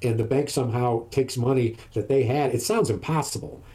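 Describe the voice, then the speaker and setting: A man's voice: medium pitch, fairly quick, mellow. An older man chatting casually, telling a long rambling story and acting out what others said. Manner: rambling storyteller who acts out other voices. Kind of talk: casual chat.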